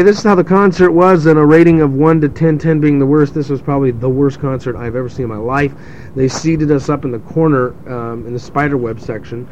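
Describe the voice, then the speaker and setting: A man's voice: mid-range voice, darkish tone, slight background noise, low-quality recording. A young adult man telling a rambling, sarcastic story in casual chat, mimicking people as he goes. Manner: sarcastic, mimics crowd voices, rambling with restarts.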